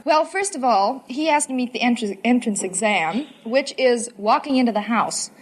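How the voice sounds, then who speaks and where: A woman's voice: a little high, animated, normal speed, a little hiss or hum. A young woman from Los Angeles, a contestant on a 1950s radio quiz, answering the host in a cheerful, earnest way.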